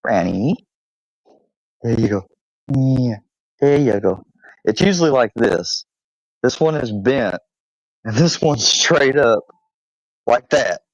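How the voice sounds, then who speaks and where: Gravelly guy chatting casually on his channel, cussing a lot, dull lo-fi sound. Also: medium pitch, takes it slowly, long pauses, no room sound. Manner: animated, swears freely, baby talk to his dog. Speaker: channel host. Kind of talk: casual storytelling to camera.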